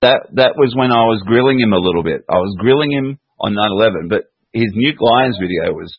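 A man hosting an internet radio show, relaxed and rambling, restarting his sentences often, heard through a dry, dull lo-fi online line. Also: fairly low pitch, brisk, breathy edge, dry recording. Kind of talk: casual talk radio chat.

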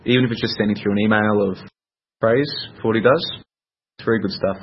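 A man's voice: on the low side, quick pace, muffled recording, slight background noise. A man, rambling sardonically as he comments on a cricket match for his podcast. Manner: rambling, sardonic, talks to himself. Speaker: podcast host. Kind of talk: casual commentary while watching cricket.

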